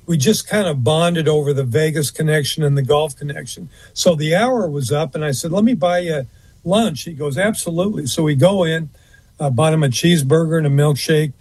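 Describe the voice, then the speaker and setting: Husky man telling a long story. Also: a little high, a little mellow, no echo. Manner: rambling, fills pauses with uh and um, restarts. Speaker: interview guest. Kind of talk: anecdotal storytelling in conversation.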